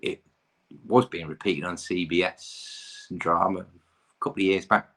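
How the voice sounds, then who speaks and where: A man from the UK with a low, slightly husky voice, hosting a casual online pub quiz. He reads out questions and then wanders off into chatty, self-deprecating tangents. He sounds relaxed and unhurried.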